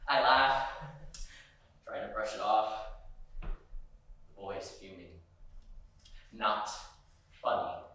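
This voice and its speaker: A man's voice: lowish voice, slight background noise. Young man in an echoey performance room. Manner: intense, shifting between quiet hurt and loud anger. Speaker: stage performer. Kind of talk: dramatic solo monologue. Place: university performance space. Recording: very echoey room, mic far off.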